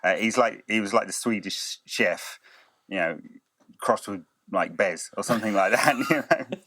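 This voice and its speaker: A man's voice: lowish voice, animated, moderate pace, bright, forceful tone, no echo. A man co-hosting a football podcast who talks hesitantly, stammers often and laughs a lot. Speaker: podcast co-host. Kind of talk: casual football chat.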